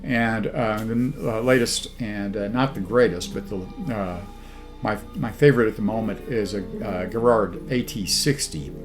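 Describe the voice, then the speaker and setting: A man in his sixties from southeast Missouri, hosting a record review with dry sarcastic jokes and many halting filler sounds. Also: lowish voice, faint music behind. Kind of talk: casual monologue to camera.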